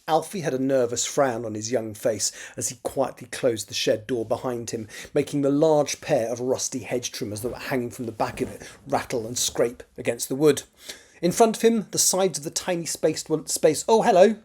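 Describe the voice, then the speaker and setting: A man's voice: mid-range voice, normal speed, darkish tone, breathy edge. A man reading aloud from his own novel draft. He often corrects himself and adds wry muttered asides. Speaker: writer.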